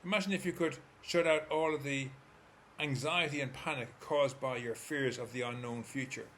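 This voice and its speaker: An Irish man, a therapist, calmly guiding the listener step by step through a visualization. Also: medium pitch, normal speed, slight background noise. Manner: calm, steady, coaching listener step by step. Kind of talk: guided visualization talk.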